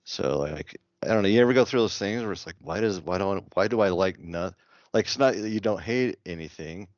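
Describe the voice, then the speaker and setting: A man's voice: deep voice, brisk, no room sound, muffled recording. A man co-hosting a podcast, talking hesitantly with lots of fillers in casual chat. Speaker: podcast co-host.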